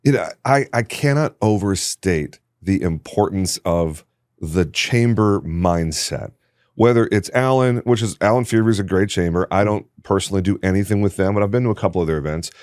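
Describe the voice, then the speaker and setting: A man's voice: low-pitched, normal speed, a little mellow, no room sound. A man hosting a podcast in a studio, speaking with emphatic enthusiasm. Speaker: podcast host. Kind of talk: casual conversation.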